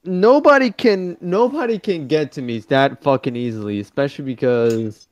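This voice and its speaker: A man's voice: fairly high pitch, normal speed, no room sound, dull audio. Give me a blunt, swearing young man as a podcast guest, dry sound. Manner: swears a lot, blunt and offhand. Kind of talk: casual chat.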